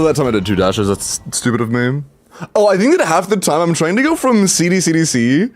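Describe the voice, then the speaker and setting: A man's voice: medium pitch, slight background noise. A young man livestreaming a video game, talking to himself and chat, frustrated and swearing as he practices a combo. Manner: frustrated, swearing, self-talk. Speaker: streamer. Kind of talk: live game stream commentary.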